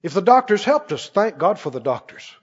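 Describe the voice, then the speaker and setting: A man pastor preaching a sermon emphatically, rising to shouts and dropping to quick asides. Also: high-pitched, big pitch swings, slightly rough. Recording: dull sound with long church reverb.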